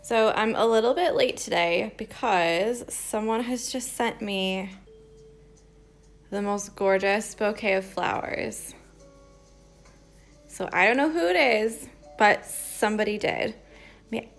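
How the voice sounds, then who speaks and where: Slow-talking chatty woman live-streaming embroidery. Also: medium pitch, creaky, soft background music. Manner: chatty and rambling, laughs often. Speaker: embroidery livestream host. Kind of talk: casual live-stream chat.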